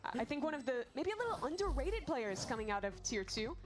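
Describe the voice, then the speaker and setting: A woman giving measured, analytical color commentary on an esports match. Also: high-pitched, sing-song, music in the background.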